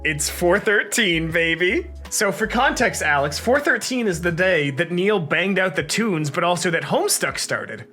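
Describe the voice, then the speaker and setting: A man's voice: high-pitched, moderate pace, hardly any pauses, soft background music. Playful guy cohosting, big swoopy delivery, keeps cracking up. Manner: animated, laughs often, playful. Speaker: co-host. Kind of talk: casual comedic chat reacting to posts.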